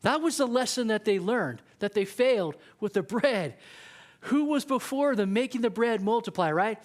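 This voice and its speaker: A man's voice: high-pitched, animated, normal speed. A man preaching a casual, conversational sermon, often acting out what people in the story say. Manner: conversational preaching, acts out quoted voices. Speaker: youth pastor.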